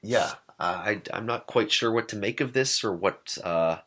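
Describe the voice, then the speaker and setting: A man's voice: fairly low pitch, moderate pace, a bit bright. A man co-hosting a podcast, chatting casually with sarcastic jokes and rambling asides. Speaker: podcast co-host.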